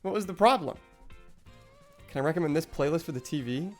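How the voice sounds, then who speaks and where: A man's voice: fairly high pitch, expressive, brisk, faint music behind. A young man streaming live, rambling in casual, profane chat with lots of restarts.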